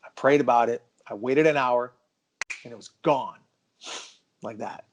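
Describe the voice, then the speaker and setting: Male podcast co-host, mid-pitched, emphatic casual storyteller. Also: unhurried. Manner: emphatic, insists the story is true.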